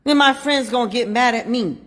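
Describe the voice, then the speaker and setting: Haitian lady telling a story, laughs a lot, gets loud then goes quiet. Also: fairly high pitch, fairly quick. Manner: animated, laughing, swings from loud to hushed. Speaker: show host. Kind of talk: casual storytelling chat.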